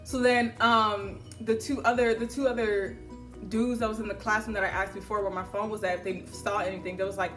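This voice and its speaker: A young adult woman telling a casual storytime to camera, slangy and swearing freely, loudly acting out the conversations she recounts. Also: medium pitch, flat delivery, a little fast, soft background music. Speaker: vlogger.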